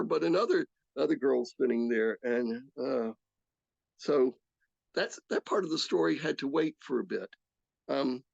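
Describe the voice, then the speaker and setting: A man in his sixties sharing his recovery story in an earnest, halting way, often restarting his sentences. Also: medium pitch, vocal fry, darkish tone, no room sound. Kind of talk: personal testimony talk. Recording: slightly dull, dry recording.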